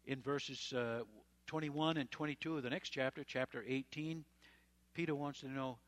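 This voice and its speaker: A man's voice: mid-range voice, steady tone, normal speed, dry recording. A man preaching a sermon, retelling scripture in a conversational, folksy way with chatty asides. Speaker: pastor.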